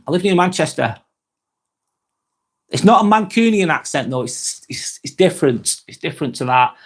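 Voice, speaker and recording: A young man with a broad Lancashire accent talks casually on a live stream, reading viewers' comments and answering them. His voice sits a little high for a man, and his chat is loose and full of swearing. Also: expressive, normal speed. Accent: Lancashire English. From Northwest England. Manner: chatty and swears freely. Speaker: live vlog host.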